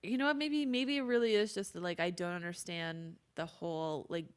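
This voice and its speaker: A woman's voice: fairly low pitch, fairly quick, clear, resonant tone. A young woman co-hosting a casual true-crime podcast, reacting with questions and curses. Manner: reactive, swears, asks questions. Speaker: podcast co-host.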